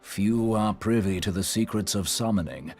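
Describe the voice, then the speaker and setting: A man's voice: on the low side, normal speed, darkish tone, faint music behind, lightly acted. A man voicing a solemn male scholar in a video game, speaking in formal old-fashioned phrasing. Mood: grave.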